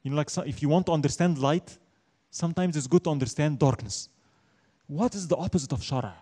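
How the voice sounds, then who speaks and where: A man teaching a religion class in an emphatic lecturing style, often asking a question and answering it himself. His voice sits high for a man but sounds dark and mellow in tone. He recites Arabic verses at a quick clip. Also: husky. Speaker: Islamic studies teacher.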